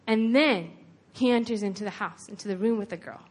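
A woman's voice: medium pitch, fairly quick. A woman preaching a sermon in an earnest, conversational way, retelling a scripture story with lots of casual "like"s.

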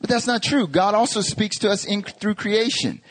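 A pastor in his thirties, from North Carolina, preaching a sermon. He tells stories with animation and stacks up rhetorical questions. His speaking voice sits a little high for a man. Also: expressive, normal speed, fairly bright tone. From North Carolina, USA.

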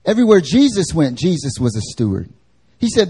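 A man preaching a live church sermon, animated and conversational, acting out everyday voices. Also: a little high, a little fast, husky. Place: church service.

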